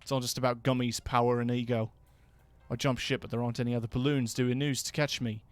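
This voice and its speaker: A man voicing a jaded, world-weary male newspaper writer in a game, using an attempted British accent and a dry, low-energy, sardonic delivery. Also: level tone, fast talker, natural voice.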